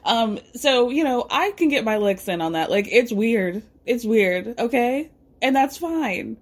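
A woman hosting a casual pop-culture podcast, chatting in a gossipy way with lots of fillers and asides, and jumping her pitch up for emphasis. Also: lively intonation, a little slow. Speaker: podcast host.

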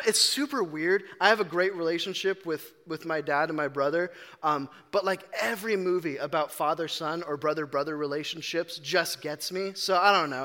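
Bright high-voiced man preaching in a hall. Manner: chatty, self-deprecating, frequent ums and restarts. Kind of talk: casual storytelling sermon. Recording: long reverb of a large hall.

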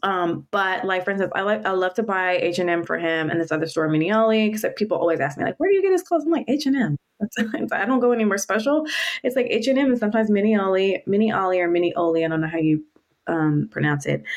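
A woman's voice: medium pitch, expressive, fairly quick. A woman in her thirties co-hosting a podcast, chatting casually and emphatically, laughing often. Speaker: podcast co-host. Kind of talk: casual chat.

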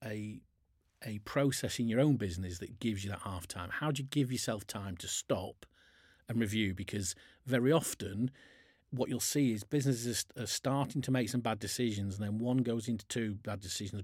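A man's voice: fairly low pitch, normal speed, a little mellow, husky, dry recording, clean studio sound. A man, chairman of a business, talking casually on a podcast, telling sports stories and often restarting his sentences. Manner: chatty, restarts a lot, uses sports stories.

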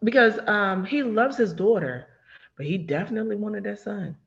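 A speaker in casual chat about a TV show, expressive and swearing freely. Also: medium pitch, normal speed, gravelly, lo-fi sound. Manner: expressive, swearing, laughs and exclaims.

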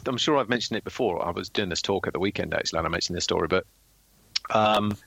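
Bright-voiced British ex-pilot telling stories. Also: male voice, sits low, no echo, poor audio. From Britain. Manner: anecdotal, full of filler ums. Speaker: former military pilot. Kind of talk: casual chat, storytelling.

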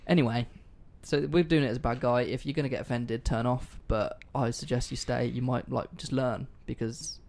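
A man's voice: mid-range voice, fairly even intonation, normal speed, vocal fry, few pauses, a little mellow. A man hosting a casual history podcast, telling the story in a loose, sweary, joking way. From not American. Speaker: podcast host.

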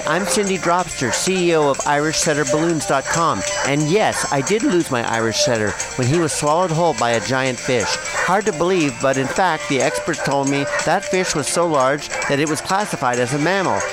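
A man delivers a mock advertisement in an earnest, salesy way. His voice sits fairly high for a man. Music plays clearly behind him. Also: rough recording. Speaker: spoof ad spokesperson. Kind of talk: mock commercial pitch.

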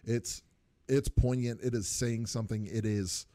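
A man's voice: medium pitch, fairly even intonation, unhurried, mellow, no echo. A man co-hosting a casual podcast, groaning at a friend's story and then making an earnest case for his own view. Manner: reacts with groans and short exclamations, then argues a point earnestly. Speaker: podcast co-host. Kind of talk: casual chat.

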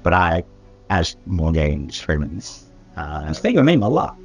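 A man's voice: deep voice, big pitch swings, unhurried, faint music behind. A man doing a weary giant prison inmate. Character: towering male prison inmate, calm and weary.

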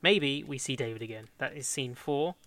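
A young man in casual chat, planning a script out loud, rambling and correcting himself as he goes. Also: mid-range voice, normal speed, no room sound. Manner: rambling, self-correcting, laughs often. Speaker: fan script co-writer.

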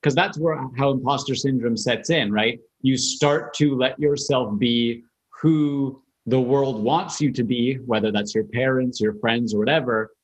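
A man's voice: mid-range voice, a little slow, low-quality recording. Earnest man hosting a casual chat. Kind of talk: casual conversation.

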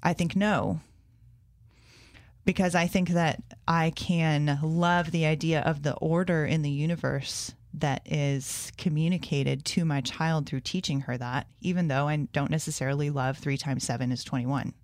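A woman's voice: low-pitched, steady tone, unhurried, a little mellow, dry recording, clean studio sound. A woman, a homeschool mom and classroom teacher, talking earnestly in a casual conversation and thinking aloud as she goes.

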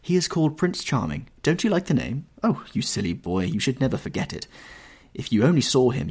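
A man's voice: mid-range voice, gravelly, breathy edge. A man reading an audiobook, voicing a lovestruck young actress in a raised, breathless, rapturous tone.

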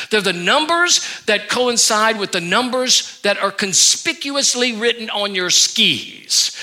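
A male pastor preaching a sermon, telling a story from his own life in an animated way. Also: high-pitched. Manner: animated storytelling, acting out his own anger then quiet remorse. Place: church sanctuary.

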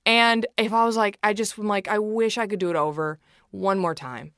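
A woman's voice: mid-range voice, moderate pace, a bit bright, no echo, studio quality. A woman guest in a casual chat who vents in a profane, emphatic, self-deprecating way.

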